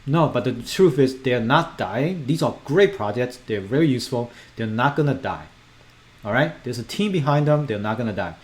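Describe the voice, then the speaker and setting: A man giving casual, animated commentary as a crypto video host, emphatic and repetitive as he reassures viewers. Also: medium pitch, moderate pace. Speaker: crypto YouTuber.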